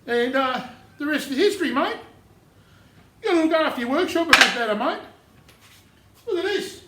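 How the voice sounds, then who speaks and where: A man's voice: very high voice, animated, normal speed, heavy background noise. A man, bantering cockily as a novice woodworker in a workshop shed. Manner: cocky, joking, slangy. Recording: roomy echo.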